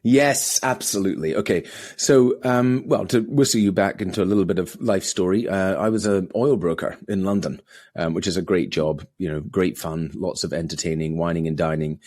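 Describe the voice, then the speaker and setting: A middle-aged man, a podcast guest, telling his story in a relaxed conversational way and acting out quoted voices. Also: normal speed, dry recording, studio quality. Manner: acts out quoted voices with big pitch jumps.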